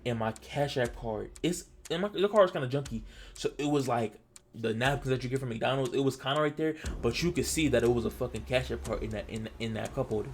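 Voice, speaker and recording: A man from Delaware telling a personal story in casual vlog style, animated and stammering, acting out what he said back then. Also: medium pitch, quick pace, slight background noise. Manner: animated, stammering, acts out his own past lines. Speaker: storytelling vlogger.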